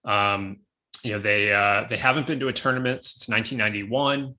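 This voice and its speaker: Bright-voiced man talking college baseball. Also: lowish voice, steady tone. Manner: conversational, quick asides. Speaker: podcast co-host. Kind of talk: casual sports chat.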